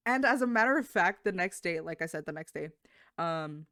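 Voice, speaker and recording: A woman co-hosting a podcast, telling a story in casual chat, acting out quotes with sudden jumps in pitch and lots of fillers. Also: lively intonation, normal speed, a bit bright, dry recording, clean studio sound. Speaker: podcast co-host.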